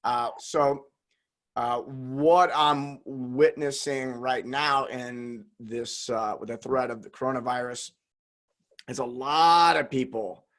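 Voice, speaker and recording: Slow, relaxed man with a slight drawl. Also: medium pitch. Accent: slight Southern drawl. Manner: relaxed, pleasant, thinks aloud with many restarts. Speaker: podcast host. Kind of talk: casual conversational interview.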